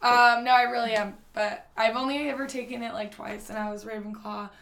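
Chatty young woman, fairly high voice. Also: fairly even intonation, brisk, gravelly, a bit bright. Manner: chatty, giggly, casual swearing. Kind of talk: casual chat.

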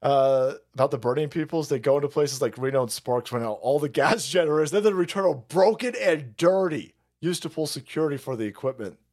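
A man's voice: fairly high pitch, expressive, fairly quick, hardly any pauses, darkish tone. A man hosting a livestream, ranting in a crude, mocking way and often laughing. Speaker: streamer host.

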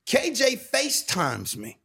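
Animated storytelling man, husky voice. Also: a little slow. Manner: lively, acts out quotes with big pitch swings. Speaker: podcast co-host.

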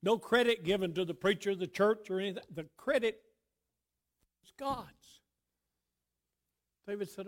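Slow, high-voiced preacher man. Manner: swells loud then drops to near whisper, drawn-out phrasing. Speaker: pastor. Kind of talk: sermon.

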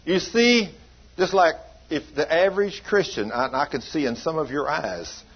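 A man's voice: a little high, expressive, normal speed, slightly rough. A man preaching in a church, telling a healing story in a folksy, emphatic way. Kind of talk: sermon storytelling. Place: church hall. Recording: dull lo-fi recording.

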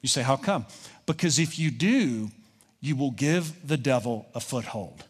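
A man's voice: mid-range voice, animated, a little slow, breathy edge, long reverb tail. A pastor preaching a conversational sermon, voicing his listeners' objections and answering them.

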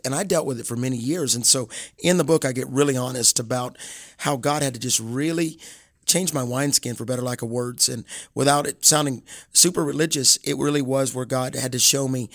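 A man's voice: mid-range voice, brisk, no room sound, studio quality. Southern American man, earnest storyteller. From Alabama, USA. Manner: earnest, animated storytelling with frequent restarts. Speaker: guest evangelist and author. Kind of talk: casual interview.

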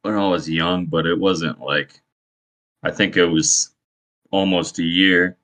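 Casting: low-voiced male co-host, blunt and deadpan, casual chat. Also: slow. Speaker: podcast co-host.

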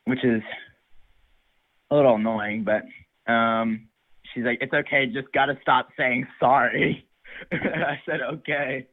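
A man's voice: mid-range voice, steady tone, takes it slowly, pauses often. A man calling in to an advice show, rambling hesitantly through a story about a girl. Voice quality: hesitant, rambling, full of "I'm like". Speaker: caller. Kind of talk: phone call-in story. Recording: tinny phone line.

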